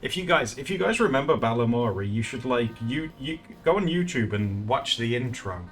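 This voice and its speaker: A man's voice: medium pitch, animated, normal speed, a bit bright, faint music behind. A man chatting casually while streaming his art, rambling and laughing often. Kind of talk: casual live-stream chat.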